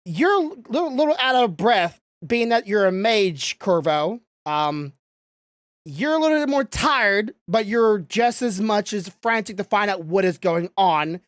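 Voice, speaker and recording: A woman's voice: mid-range voice, expressive, measured pace, dry recording, clean studio sound. A woman narrating a role-play story as game master, rambling and restarting her sentences. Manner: rambling, full of fillers and restarts.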